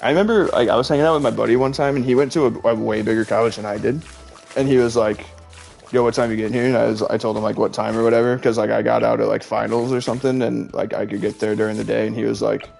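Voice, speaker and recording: This young man in his twenties streams and chats casually, talking fast in a mid-range, creaky, slightly mellow voice with fairly flat intonation. His storytelling rambles, packed with "like," over faint background music.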